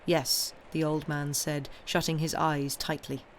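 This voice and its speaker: A woman narrating a classic novel live in a slow, measured reading voice. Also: low voice, flat delivery, slight background noise. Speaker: audiobook reader. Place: home streaming setup.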